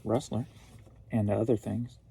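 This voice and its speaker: A man's voice: fairly low pitch, fairly even intonation, a little slow, vocal fry, heavy background noise. A man from St. Louis, Missouri, chatting casually at home, joking and riffing playfully on names as he goes. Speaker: online reseller. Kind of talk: casual rambling chat.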